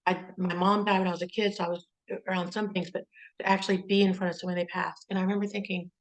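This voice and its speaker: Gentle, consoling woman host. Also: lowish voice, little pitch movement, fast talker, rough recording. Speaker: interview host. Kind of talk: interview conversation.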